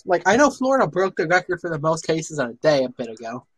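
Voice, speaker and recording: A man's voice: fairly high pitch, very animated, fast, breathy edge, poor audio. Earnest rambling guy from Minnesota. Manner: earnest, rambling, many restarts. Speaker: chat participant. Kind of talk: casual online voice chat.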